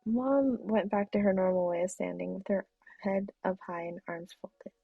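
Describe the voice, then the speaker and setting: A woman streamer reads a story game's narration aloud at a steady pace, pausing to fix small slips. Her voice has a gravelly, husky edge. The sound is tinny and dry, like a phone-quality mic. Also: mid-range voice, no echo. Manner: steady reading with small self-corrections. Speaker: streamer playing a visual novel. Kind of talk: reading game narration aloud.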